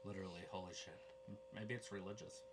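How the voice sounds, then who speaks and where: A woman's voice: a bass voice, fast talker, slight background noise. A woman co-hosting a casual live watch-along of a wrestling show, bantering and joking. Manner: animated, jokey banter. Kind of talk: casual live reaction chat.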